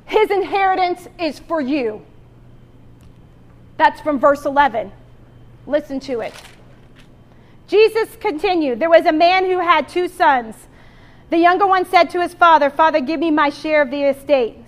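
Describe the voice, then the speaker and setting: A woman preaching a sermon, reading scripture aloud and speaking with strong emotion, her loudness rising and falling. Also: extremely high pitch, animated, moderate pace. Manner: emotional, exclamatory, rises and drops in loudness.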